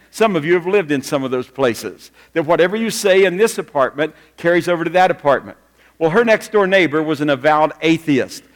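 Male pastor preaching in a reverberant church. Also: a little high. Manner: conversational storytelling, direct questions to the congregation. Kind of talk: sermon. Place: church sanctuary with a congregation. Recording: long reverb of a church hall.

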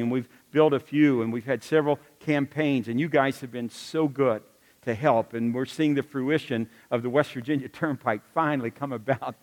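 A male pastor preaching a sermon, mixing folksy jokes with earnest appeals. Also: medium pitch.

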